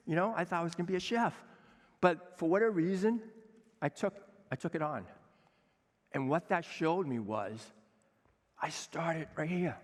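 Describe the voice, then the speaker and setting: A man in his sixties, a chef giving an energetic, emphatic conference talk, acting out quoted dialogue. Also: a little high, moderate pace, long pauses. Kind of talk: conference speech. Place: conference hall with a seated audience. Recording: long hall reverb.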